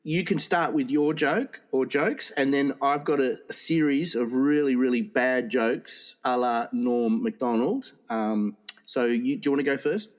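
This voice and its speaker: A man rambles through jokes on a loose, casual podcast. He keeps laughing at his own punchlines and stumbles over his setups. His voice sits at a middle pitch. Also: measured pace. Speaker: podcast co-host. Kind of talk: casual comedy podcast chat.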